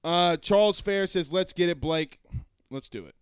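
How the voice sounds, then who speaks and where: Loud, passionate sports show host man. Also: sits high, moderate pace, smooth, dry recording, clean studio sound. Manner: loud, passionate, blunt and profane. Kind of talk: live-stream chat reading.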